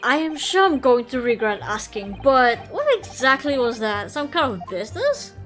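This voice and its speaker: A woman reading an earnest young male lawyer, puzzled and polite, with formal questions. The voice is high, with faint music underneath. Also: very animated, normal speed. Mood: questioning.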